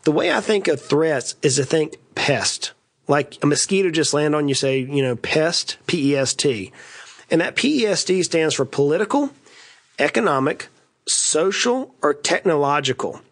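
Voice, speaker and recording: Guy from east tennessee teaching business stuff, kinda high voice, folksy and jokey. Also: expressive, normal speed. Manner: folksy, joking asides. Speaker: podcast host and financial advisor. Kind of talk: conversational business lesson.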